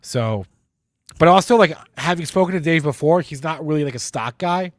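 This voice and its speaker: A man's voice: on the high side, animated, moderate pace, dry recording, clean studio sound. A man hosting a live market show, congested with a stuffy nose and rambling in a self-deprecating way. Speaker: livestream host.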